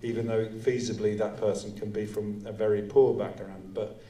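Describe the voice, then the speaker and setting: A male filmmaker explaining his process at a live audience Q&A, in a measured, explanatory way. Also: fairly low pitch, little pitch movement, warm tone, far from the mic. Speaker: writer and director. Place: cinema auditorium. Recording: roomy hall sound, voice from off-mic.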